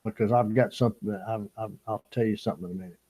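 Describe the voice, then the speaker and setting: A man's voice: lowish voice, fairly even intonation, rapid-fire, dark tone, breathy edge, poor audio. An older man from Louisiana, chatting casually with viewers on a fishing live stream and laughing often. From Louisiana, USA. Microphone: small camera-top microphone.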